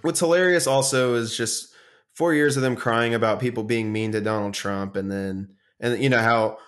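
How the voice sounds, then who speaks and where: A man's voice: medium pitch, normal speed, fairly bright tone. Profane ranting podcast guy. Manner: profane, ranting, mocking impressions. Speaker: podcast co-host. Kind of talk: casual chat.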